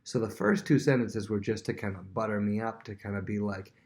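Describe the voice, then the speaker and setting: A man's voice: fairly low pitch, brisk, a little mellow. A man who is a worship leader, teaching a casual Bible lesson with everyday examples and frequent restarts.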